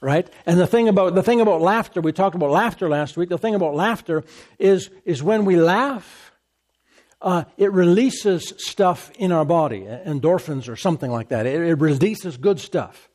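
A man preaching a sermon as pastor, emphatic and repetitive, with deliberate bursts of laughter. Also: high-pitched, darkish tone.

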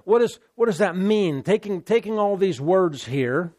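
Emphatic male preacher, slightly high voice. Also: expressive, moderate pace, a little mellow, dry recording, clean studio sound. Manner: emphatic, repeats key phrases. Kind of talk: sermon.

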